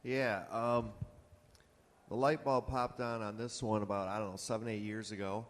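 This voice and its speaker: A man's voice: fairly low pitch, steady tone, normal speed. A man on a conference panel telling a rambling, casual anecdote about his boat store, acting out customers' lines. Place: conference hall. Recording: long hall reverb.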